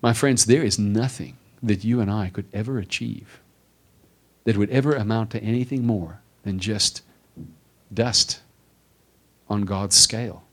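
A male pastor preaching a sermon to his congregation, building with repeated emphatic phrases and dropping to quiet stresses. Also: lowish voice, unhurried, long pauses. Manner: preaching with rising emphatic repetition.

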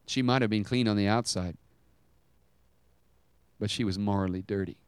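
A man preaching a sermon, retelling a story dramatically and swinging between loud high bursts and hushed low passages. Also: no room sound.

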